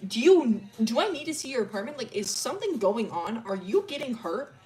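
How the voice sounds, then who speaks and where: A woman's voice: fairly high pitch, big pitch swings, fairly quick, darkish tone, soft background music. A woman voicing a blunt, pushy young woman who swears and presses her friend for answers. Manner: brash and swearing.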